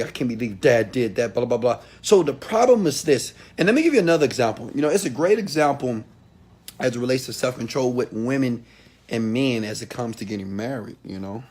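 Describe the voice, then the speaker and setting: A man giving a motivational talk straight to his viewers, emphatic, swinging from quiet asides to loud outbursts. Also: medium pitch. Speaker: motivational speaker.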